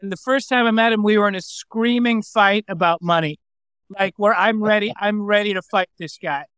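Male comedian, high smooth voice, wry deadpan delivery; dry close sound. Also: normal speed, no echo. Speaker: comedian guest. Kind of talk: casual memorial chat.

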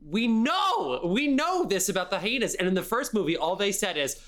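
A man's voice: high-pitched, moderate pace, hardly any pauses. A young man co-hosting a podcast, ranting about a movie with lots of swearing and mocking quotes. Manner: animated ranting with profanity and mock quotes. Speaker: podcast co-host. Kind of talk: casual movie review chat.

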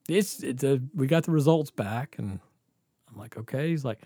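Male storyteller, casual and animated, swings between hushed asides and loud bursts, dry close sound. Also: medium pitch, moderate pace, no echo. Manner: animated, acts out quotes, laughs often. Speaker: guest storyteller.

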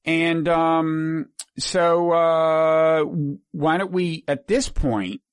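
Dry, higher-voiced male host. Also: clear, resonant tone, dry recording. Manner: halting, filler-heavy. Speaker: podcast host. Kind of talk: interview hosting.

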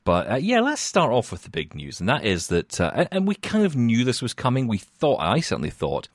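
A man's voice: medium pitch, wildly swooping pitch, a little fast, no echo, clean studio sound. A man hosting a casual tech podcast, chatty and self-mocking with lots of fillers. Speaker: podcast host.

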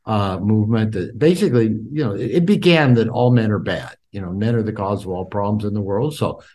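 A man's voice: lowish voice, fairly quick, darkish tone. An older man in an interview, a therapist and author, telling his personal story candidly and reflectively, with many fillers and restarts.

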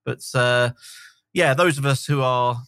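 A middle-aged man talking easily as a podcast guest, with many fillers and pauses. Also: medium pitch, fairly bright tone, dry recording, clean studio sound. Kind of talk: casual podcast interview.

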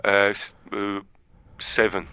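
A man's voice: lowish voice, level tone, slow pace, sharp tone, clean tone, dry recording, exaggerated voice. A man playing a cocky young tough guy in improvised comedy, blunt and slangy.

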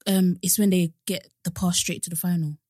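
A woman's voice: lowish voice, fairly even intonation, warm tone, husky, no room sound, clean studio sound. A young woman co-hosting a podcast in casual chat, laughing often. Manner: chatty, laughs often, quick asides. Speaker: podcast co-host.

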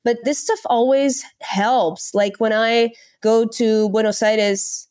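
A young woman from the Netherlands, chatting as a podcast guest in an animated, laughing storytelling way. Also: fairly high pitch, slow. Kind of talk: casual interview chat.

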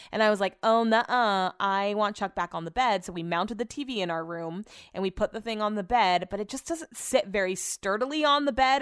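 A young woman telling stories in a casual vlog, chatty and animated, swearing casually and acting out quotes. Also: mid-range voice, dry recording, studio quality. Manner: chatty, animated retelling of arguments, acts out quotes. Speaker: vlogger. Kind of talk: casual storytelling monologue.

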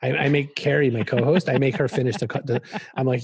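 A man speaking as a podcast guest in a casual conversation, telling stories with quick, animated asides. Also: medium pitch, vocal fry, husky, dry recording, studio quality.

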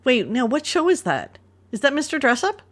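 A woman's voice: high voice, wildly swooping pitch, moderate pace, fairly bright tone. A Canadian woman co-hosting a podcast in casual chat, chatty and laughing often. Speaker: podcast co-host.

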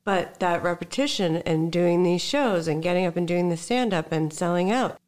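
A woman's voice: fairly low pitch, expressive, moderate pace, a little mellow. A woman hosting an interview podcast, talking in an encouraging, coaching way. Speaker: podcast host and dating coach. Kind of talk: casual interview chat.

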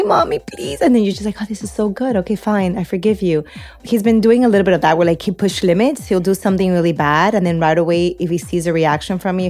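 A woman's voice: lowish voice, a little mellow. A woman co-hosting a podcast, telling stories in a casual, laughing way. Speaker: podcast co-host. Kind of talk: casual chat.

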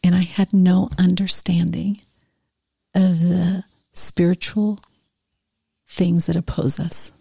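Middle-aged woman guest, soft and slow, husky and dark, dry close mic. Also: on the low side, little pitch movement, dry recording. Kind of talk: heartfelt conversation.

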